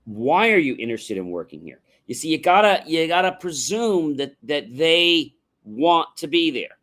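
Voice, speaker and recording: A man's voice: a little high, sing-song, moderate pace, a bit bright. A man hosting a motivational livestream, explaining things in an instructive way and often asking "right?" as he goes. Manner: instructive, contrasts yes-no questions with open ones; rhetorical, often adds "right?". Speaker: livestream host. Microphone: livestream microphone.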